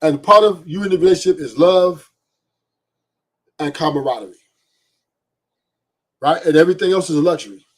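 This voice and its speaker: A man's voice: fairly high pitch, normal speed, long pauses. A man hosting a podcast, giving blunt, profane opinions and often asking "right?". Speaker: podcast host.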